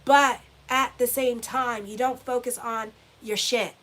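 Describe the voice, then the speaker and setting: A woman's voice: a little high, steady tone, unhurried, a bit bright. A middle-aged woman astrologer talking casually to her viewers, blunt and swearing freely, repeating phrases for emphasis. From Haitian heritage. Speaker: astrologer and tarot reader. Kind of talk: casual motivational talk to viewers.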